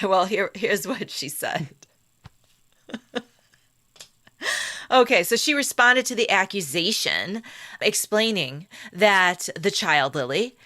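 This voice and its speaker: A woman co-hosts a relaxed history podcast and works carefully through the story from her notes. Her voice is bright and clear but sits a little low, and she speaks at an unhurried, deliberate pace. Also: no room sound, studio quality. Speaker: podcast co-host. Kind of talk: casual history podcast chat.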